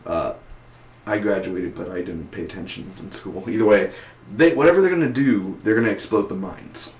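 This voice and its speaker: Man, casual TV episode review, rambling, self-correcting, slightly low voice, echoey room. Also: moderate pace, a little mellow. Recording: echoey room with faint noise.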